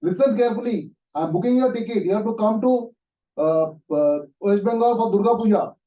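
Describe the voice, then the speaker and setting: A man voicing an excited, insistent caller who talks loudly and rushes to give orders. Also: mid-range voice, echoey room, close to an everyday voice. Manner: loud, bossy, rushing. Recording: distant, muffled room recording.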